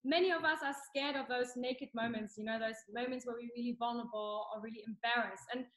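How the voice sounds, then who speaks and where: A woman's voice: on the high side, steady tone, fast talker, fairly bright tone. A woman from Germany hosting a podcast interview, enthusiastic and appreciative as she asks questions. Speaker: podcast host. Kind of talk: interview host, conversational.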